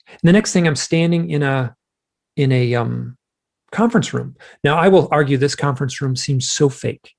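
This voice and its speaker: A man, a guest author, recounting a personal experience in conversation, acting out his own shouted lines as he tells it. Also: mid-range voice, creaky. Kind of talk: telling a personal story in a conversation.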